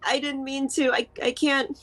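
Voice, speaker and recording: A woman plays a character in a tabletop game, talking casually and giggling often. Her voice sits high, and she apologises easily. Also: flat delivery, moderate pace, fairly bright tone. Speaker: player.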